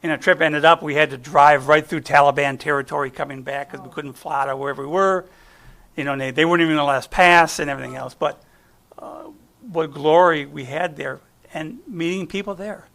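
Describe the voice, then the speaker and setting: Brisk and a little high, this middle-aged American man's gravelly voice has a fairly bright tone. As a guest speaker he gives a chatty, folksy sermon with stories from his own life, repeatedly trailing off and picking back up.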